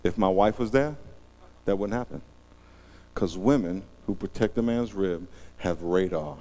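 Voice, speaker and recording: A man's voice: low-pitched, measured pace. A middle-aged man preaching a sermon as pastor, telling humorous stories and acting out scenes with big vocal swings. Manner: animated, joking storyteller who acts out scenes.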